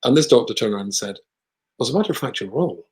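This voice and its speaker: A man with a British accent, a rabbi telling a long personal story in conversation, with lively asides. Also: medium pitch, very fast, rough recording. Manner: animated anecdotal storyteller with asides.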